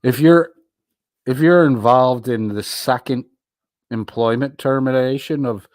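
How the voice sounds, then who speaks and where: A man's voice: medium pitch, a little slow, darkish tone, no room sound, studio quality. A man hosting a livestream, reading viewer comments aloud and answering them in a crude, mocking, profane way. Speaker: livestream host.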